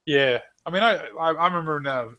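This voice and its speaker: A man from New Zealand in casual chat, animated, laughing often and swearing casually. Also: on the high side, quick pace, dry recording, dull audio. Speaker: host.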